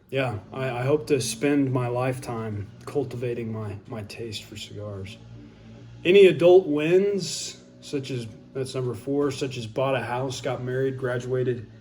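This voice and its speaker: Young man, teacher, measured and formal, light background noise. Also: mid-range voice, a little mellow. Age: young adult. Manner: measured, slightly formal, reads out each question. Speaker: high school English teacher. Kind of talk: answering questions for a video update.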